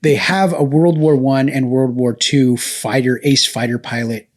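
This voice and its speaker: An enthusiastic man co-hosting a podcast, chatting casually at a middle pitch. He tells stories eagerly and talks at length. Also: steady tone, measured pace. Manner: enthusiastic, talkative, storytelling. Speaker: podcast co-host.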